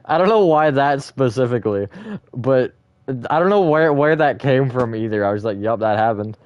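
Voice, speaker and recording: A man's voice: medium pitch, lively intonation, moderate pace, dry recording, lo-fi sound. A man hosting a live stream, chatting casually with viewers in a rambling, self-correcting way and laughing often.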